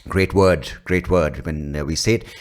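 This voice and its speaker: A man's voice: a bass voice, normal speed. A man with an Indian accent hosting a solo comedy podcast, rambling and crude and poking fun at himself, on a mic with a pop filter. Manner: rambling, crude, self-mocking. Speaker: podcast host. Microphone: studio mic with pop filter.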